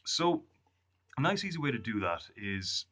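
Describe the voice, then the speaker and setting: A man giving a casual music lesson, counting beats and humming strum rhythms in a relaxed way. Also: medium pitch, moderate pace. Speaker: music tutor. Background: ukulele strumming.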